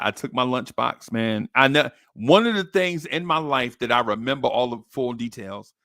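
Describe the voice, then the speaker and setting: Podcast host, man, mid-pitched, storytelling with lively put-on voices, dry close mic. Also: no room sound. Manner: animated, acts out quoted voices with high pitch jumps. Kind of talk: casual storytelling.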